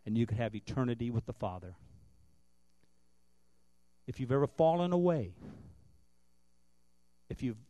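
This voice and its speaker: A man preaching a sermon as a guest pastor in a church, swinging from loud earnest preaching to quiet tender tones, then leading a prayer. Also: mid-range voice, very animated, a little slow, long pauses, no echo. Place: church building.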